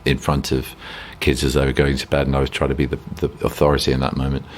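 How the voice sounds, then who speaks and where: A man's voice: very deep voice, monotone, quick pace, a little hiss or hum. A man, an actor as a guest, talking reflectively and self-deprecatingly in a rambling interview, often restarting sentences.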